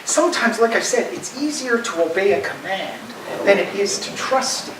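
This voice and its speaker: Emphatic pastor preaching in an echoey church. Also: male voice, high-pitched, expressive, moderate pace, far from the mic, noisy background. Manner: emphatic, swings from loud urging to soft. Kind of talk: sermon. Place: church sanctuary.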